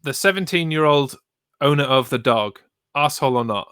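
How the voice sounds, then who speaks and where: A man's voice: medium pitch, animated, normal speed, pushed and bright, smooth, dry recording. A man co-hosting a podcast in casual chat, laid-back and wry, summing up the verdicts. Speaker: podcast co-host.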